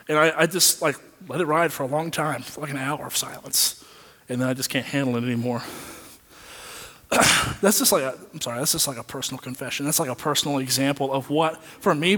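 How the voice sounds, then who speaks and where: A young man preaches in a loose, chatty way, stumbling over fillers and poking fun at himself. His voice sits a little high for a man. A long hall reverb trails behind every phrase. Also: a bit bright. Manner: informal and self-deprecating, many fillers and restarts. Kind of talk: casual sermon.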